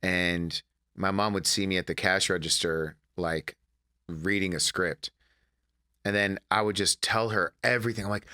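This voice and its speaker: A low-voiced man in his thirties with a bright, forceful edge. He is a comedian from Detroit telling animated stories from his family life in a casual interview. He acts out the people in his stories. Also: moderate pace. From United States, Detroit. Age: 30s. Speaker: comedian and actor, podcast guest.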